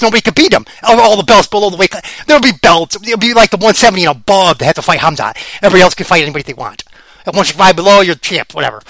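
Male podcast host, high and bright voice, rambling excitable fight talk, a bit winded, dry close sound. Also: no room sound. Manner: rambling, excitable, repeats himself. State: slightly out of breath. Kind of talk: casual fight-pick commentary.

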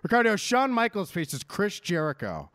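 Man, casual wrestling chat, ranting, swearing, lively swinging pitch, dry close sound. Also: normal speed, no room sound. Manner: animated ranting, swears freely. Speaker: podcast co-host.

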